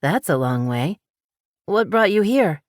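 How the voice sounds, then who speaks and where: A woman voicing a kind, careful woman friend who speaks gently. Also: fairly low pitch, big pitch swings, a little slow, no echo, clean studio sound, pitched above the performer's own voice.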